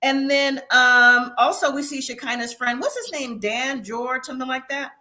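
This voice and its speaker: Bright-voiced chatty woman host. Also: high-pitched, moderate pace. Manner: chatty, opinionated, laughs often. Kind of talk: casual live review chat.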